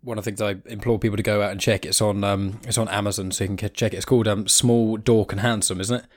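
Fast-talking young British man. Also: lowish voice, level tone. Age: 20s. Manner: rambling, hesitant, many fillers. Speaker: podcast host. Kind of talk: casual interview chat.

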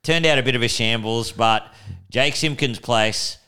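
A man's voice: medium pitch, normal speed, pushed and bright, smooth. A young Australian man co-hosting a casual comedy podcast in a laid-back, chatty way, swearing freely. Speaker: podcast co-host.

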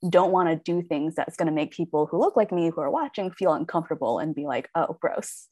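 A woman actor chats openly in a podcast interview, filling her talk with fillers and little quoted asides. Her voice sits a bit low, and the recording is dry and close. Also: quick pace, darkish tone, dry recording. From United States. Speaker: actor and web series creator.

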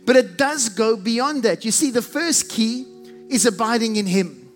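A man's voice: extremely high pitch, expressive, measured pace, big-room sound, soft background music. A man preaching a sermon as a pastor, earnest and stacking repeated phrases into building lists.

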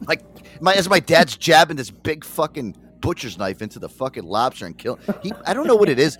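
Male podcast co-host, animated, rambling, swears freely. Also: fairly high pitch, brisk, husky, faint music behind. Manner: rambling, profane storytelling with laughs. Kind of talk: casual comedic chat.

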